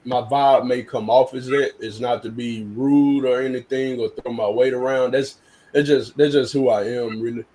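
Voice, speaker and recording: A man's voice: medium pitch, fairly even intonation, normal speed, mellow, rough recording. Blunt, earnest man chatting on a stream. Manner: earnest, blunt, repeats words when restarting. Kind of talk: casual live-stream chat.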